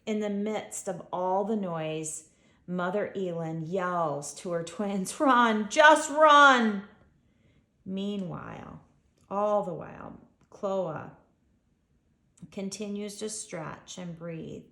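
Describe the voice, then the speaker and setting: A woman reading her own children's story aloud in an expressive, unhurried way. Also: lowish voice. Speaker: author reading her book. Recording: echoey room.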